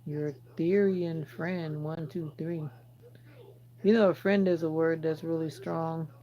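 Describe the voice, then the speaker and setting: A woman's voice: low voice, fairly even intonation, a little slow, mellow, highs cut off. A Jamaican woman from Jamaica hosting a casual livestream, chatting with viewers and teasing them as she answers their comments. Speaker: livestream host.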